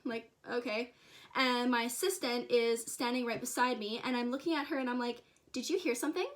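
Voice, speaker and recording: A young adult woman telling a spooky personal story to camera in an excitable, chatty way, full of fillers and asides to viewers. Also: fairly high pitch, fairly quick. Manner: excitable, chatty, lots of "like" and "you guys". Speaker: vlogger and dance teacher.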